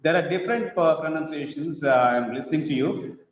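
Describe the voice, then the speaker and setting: A man with an Indian English accent teaching an English class, explaining slowly, repeating key words and asking the class questions. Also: on the high side, crowd noise. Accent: Indian English, Kannada-speaking. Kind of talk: classroom lecture. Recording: echoey classroom, dull lo-fi sound.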